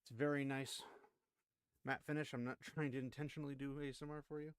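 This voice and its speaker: A man's voice: mid-range voice, level tone, quick pace, clear, resonant tone, no echo. Chatty young man, dry close sound. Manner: chatty, laughs often, rambling asides. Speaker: streamer. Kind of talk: casual chat showing off collectibles.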